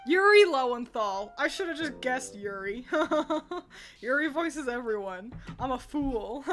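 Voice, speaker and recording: A woman's voice: high voice, lively intonation, slow pace, fairly bright tone. A woman streamer in casual, rambling chat, laughing often as she reacts to fan art.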